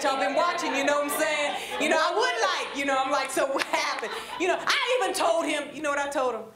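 A high-pitched, middle-aged woman preaching a Bible study with a Black lilt. She draws the congregation into call-and-response and climbs into fervent preaching. Her voice rings around a reverberant church room. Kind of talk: sermon-style Bible teaching.

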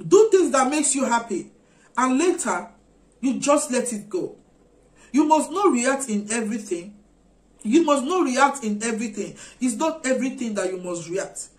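A woman's voice: on the high side, expressive, normal speed, a little mellow. A woman preaching a sermon, urging her listeners with earnest, repeated exhortations. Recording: echoey room.

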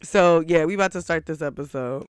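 Man host, reality recap, cussing and cackling, smooth dry close-miked voice. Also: fairly high pitch, fairly quick, no echo. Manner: profane, laughing, animated rant. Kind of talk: casual commentary on a TV episode.

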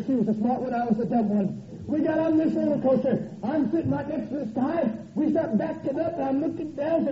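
High-voiced preacher in an echoey church. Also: male voice, brisk. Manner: animated, folksy and joking, swings from loud to soft. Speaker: revival preacher. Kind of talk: revival sermon. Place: church sanctuary. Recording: echoey church, dull old tape.

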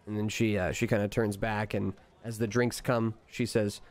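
Relaxed male game master. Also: fairly low pitch, moderate pace, hardly any pauses. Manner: relaxed, laughing, with fillers. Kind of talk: narrating a tabletop game.

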